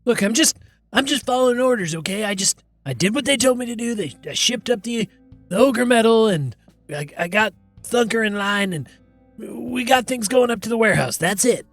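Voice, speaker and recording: A man's voice: high voice, animated, normal speed, a bit bright, faint music behind, pitched above the performer's own voice, full character voice. A man voicing a nervous, defensive male gang underling who stammers and rambles as he pleads. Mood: pleading.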